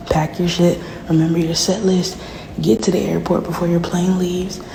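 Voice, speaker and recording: A woman in a candid, rambling, profane monologue, often dropping to a hushed whisper. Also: lowish voice. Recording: noisy background.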